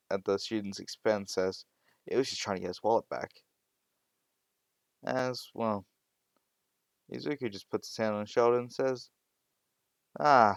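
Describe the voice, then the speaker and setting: A man's voice: on the low side, clear, resonant tone, no room sound, clean studio sound. A man narrating an improvised fan-fiction story, rambling with frequent restarts and fillers.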